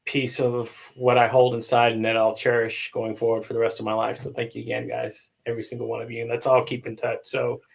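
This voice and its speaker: A man hosting a live online roundtable, thanking his guests and viewers with effusive, heartfelt warmth. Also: mid-range voice, completely flat delivery, a little fast, vocal fry, hardly any pauses, rough recording. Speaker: host.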